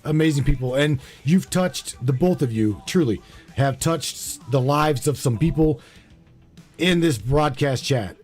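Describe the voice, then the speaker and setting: A man hosting a call-in show, chatting casually, slangy and quick to laugh. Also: fairly high pitch, darkish tone, slightly rough, soft background music. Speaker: show host.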